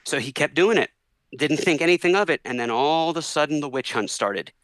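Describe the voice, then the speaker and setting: A man telling a long story as a podcast guest in a casual, animated way, acting out the people he quotes. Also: on the high side, fairly quick, dry recording, rough recording. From Orlando, Florida area. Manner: animated, acts out voices in quotes.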